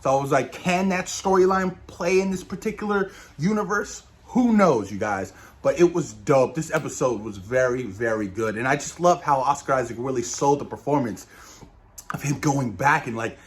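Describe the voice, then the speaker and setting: Excited man reviewing an episode. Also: medium pitch, normal speed. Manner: enthusiastic, keeps saying "you guys", swears casually. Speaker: show reviewer. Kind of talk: casual spoiler review.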